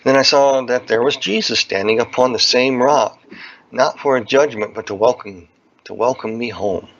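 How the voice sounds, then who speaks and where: A man's voice: medium pitch, moderate pace, fairly bright tone. A man telling a personal religious testimony in an earnest, plain-spoken way, often repeating phrases for emphasis. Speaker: speaker giving a testimony. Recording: dull lo-fi recording.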